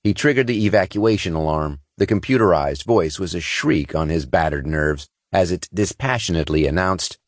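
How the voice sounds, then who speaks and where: A man reading scripted narration in a steady, measured way from a close studio mic. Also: sits low, no echo. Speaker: audiobook narrator. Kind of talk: scripted science fiction narration.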